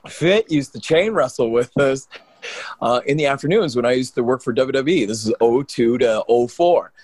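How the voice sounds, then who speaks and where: A man, a pro wrestler co-hosting a podcast, tells stories in an animated, rambling way and keeps restarting his sentences. His voice sits at a middle pitch. The recording is close and dry. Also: normal speed, no room sound. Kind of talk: casual storytelling on a podcast.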